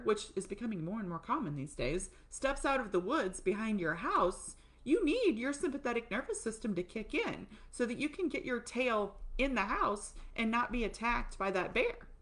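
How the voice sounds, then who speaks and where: Excited woman teaching breathing to camera. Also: on the high side. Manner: excited, fast-talking, animated asides. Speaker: course instructor. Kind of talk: teaching an online course to camera.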